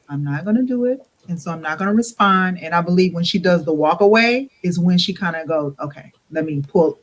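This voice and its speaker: A woman joining a podcast over an online call, chatting casually and acting out quotes expressively. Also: on the low side. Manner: expressive, acts out quotes with laughs. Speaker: podcast guest. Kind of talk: casual chat.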